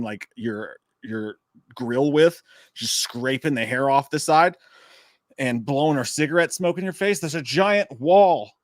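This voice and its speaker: A man's voice: mid-range voice, dry recording, studio quality. A man co-hosting a casual live stream, rambling through stories with crude, self-mocking jokes. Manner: rambling, chatty storytelling.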